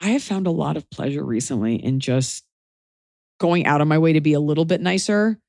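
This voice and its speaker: A woman hosts a casual advice podcast, wry and opinionated as she talks things through. Her voice sits a little low, and the sound is close and dry with no room around it. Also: lively intonation, gravelly, a little mellow, no echo. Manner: wry and opinionated, slips into quick mock voices. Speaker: podcast host.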